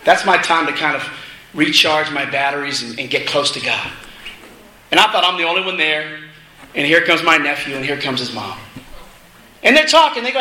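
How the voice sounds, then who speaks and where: A middle-aged man preaching a sermon, telling a family story in a casual, animated way with laughing asides. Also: on the high side, moderate pace, long pauses. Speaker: minister. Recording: echoey room with faint noise.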